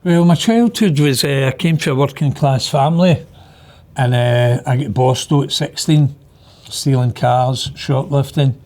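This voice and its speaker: A man's voice: medium pitch, measured pace, a little mellow. Plain-spoken man recalling his past. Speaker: interviewee. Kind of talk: personal storytelling interview.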